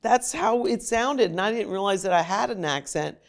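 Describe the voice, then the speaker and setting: A woman's voice: mid-range voice, normal speed. A middle-aged woman from Maryland, chatting animatedly as an actress guest in an interview. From Maryland, USA. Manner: animated, slips into playful voices. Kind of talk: casual interview chat.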